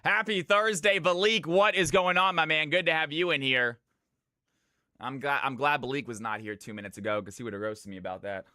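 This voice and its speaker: A man hosts a live stream as its shoutcaster, calling the match and welcoming viewers by name with announcer-style hype. His voice sits a little high and rings bright. The sound is dry and close. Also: a little fast, smooth, no echo. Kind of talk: live esports commentary.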